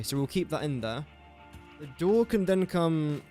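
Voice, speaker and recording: A young man with an English accent talks casually through his factory planning, muttering sums and cracking little jokes at his chat. His voice sits a bit high for a man. Faint game music plays underneath. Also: very animated, measured pace. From England. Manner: thinks aloud, jokey asides to chat. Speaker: gaming streamer. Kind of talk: casual live-stream commentary.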